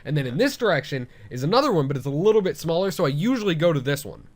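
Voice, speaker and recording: A man of about twenty telling a long story on a casual podcast, animated and profane, with lots of fillers like "like" and "um". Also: on the high side, rapid-fire. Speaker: podcast host.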